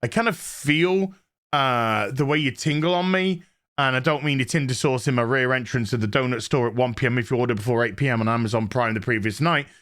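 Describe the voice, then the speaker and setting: A man's voice: medium pitch, a little fast, fairly bright tone, pitched below the performer's own voice, lightly acted. A man voicing a dreamy woman on a reality-show date who talks in a vague, hesitant ramble.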